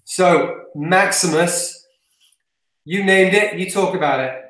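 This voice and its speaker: A man's voice: sits high, slow pace, fairly bright tone. A man with a British accent co-hosting a casual podcast, wry and sarcastic. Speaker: podcast co-host. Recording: very roomy echo.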